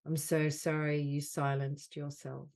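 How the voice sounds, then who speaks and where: A woman with a low, warm voice leads a guided healing session over a video call. She speaks in slow, soothing phrases and repeats each one gently. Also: flat delivery. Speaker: soul mentor leading a group call.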